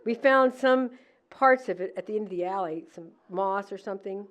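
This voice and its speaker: Lively storytelling woman. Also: mid-range voice, moderate pace. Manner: animated, laughing, acts out quoted lines. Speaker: decorator at a museum holiday event. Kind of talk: casual storytelling.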